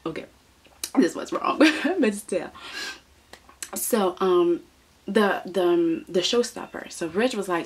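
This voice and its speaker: Sassy woman with a husky voice. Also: lowish voice, slow pace, long pauses. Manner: sassy, animated, laughs often; frequent rhetorical "okay?". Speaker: soap opera reviewer. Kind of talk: casual commentary.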